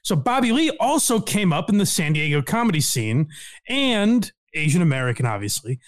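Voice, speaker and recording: A man co-hosting a casual comedy podcast, talking in an animated way, laughing often and quoting people in voices. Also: on the high side, normal speed. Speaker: podcast co-host.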